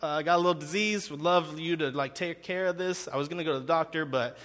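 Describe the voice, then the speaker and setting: A man's voice: fairly high pitch, fast talker, a bit bright, lightly acted. A man voicing a sick man who asks for help in an offhand, slangy way, in a reverberant hall. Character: laid-back man with a disease asking casually for help.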